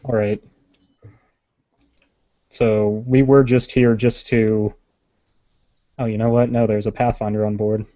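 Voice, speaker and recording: A man's voice: fairly low pitch, mellow. A man playing a tabletop game, chatting casually and joking with the game master. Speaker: player. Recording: muffled lo-fi recording.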